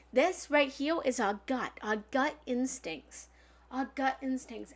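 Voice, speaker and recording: A woman giving a livestream self-help coaching talk as a spiritual love coach, blunt and emphatic, swinging from loud bursts to soft asides. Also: sits high. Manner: blunt, occasionally swears.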